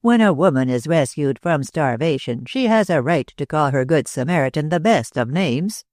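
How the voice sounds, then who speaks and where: A man voicing a talkative older man with an American accent, speaking slowly and dryly in a drawl. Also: a little high, animated, darkish tone, no room sound, natural voice. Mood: effusive. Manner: drawling, slow and dry.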